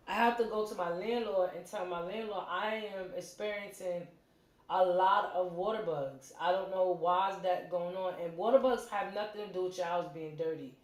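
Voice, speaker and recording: A middle-aged woman hosting a livestream from her home, telling a story in a casual, animated way and acting out the quotes. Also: fairly low pitch. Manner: animated, acts out quotes, quick asides. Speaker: livestream host. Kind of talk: casual storytelling to a live chat. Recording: roomy echo.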